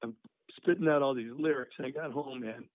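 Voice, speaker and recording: A man's voice: mid-range voice, a little fast, dry recording. An older man, a musician guest, telling career stories in a rambling way full of "you know" and "uh". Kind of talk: casual storytelling interview. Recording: dry, tinny phone-line sound.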